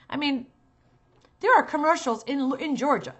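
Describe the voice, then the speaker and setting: A middle-aged woman, a talent manager, giving earnest and emphatic advice to parents, turning sharp and scolding at times. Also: high-pitched, moderate pace, pauses often.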